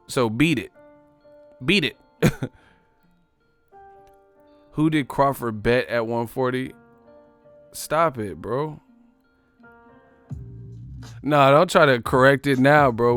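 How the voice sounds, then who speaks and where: A man's voice: unhurried, long pauses. Male live stream host, slangy and mocking, talking over faint music. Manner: animated, mocking, slangy, mimics commenters in high voices. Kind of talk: casual live stream chat reading comments.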